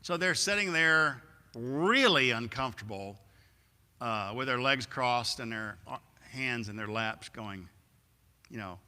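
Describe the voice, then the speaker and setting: Bright-voiced male preacher telling a story. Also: mid-range voice, animated, unhurried, clear, resonant tone. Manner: storytelling, acts out scenes. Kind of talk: sermon. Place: church. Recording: echoey church hall.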